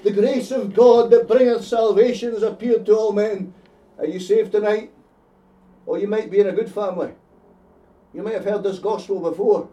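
A man's voice: high voice, steady tone, moderate pace, warm tone, lo-fi sound. A man with a Scottish accent preaching an evangelistic sermon, fervent and given to repeating his phrases for emphasis. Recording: echoey hall, heard from a distance.

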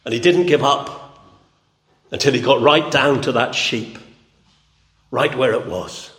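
A man's voice: medium pitch, measured pace, a bit bright. A man preaching a sermon with an emphatic, repetitive cadence. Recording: echoey hall.

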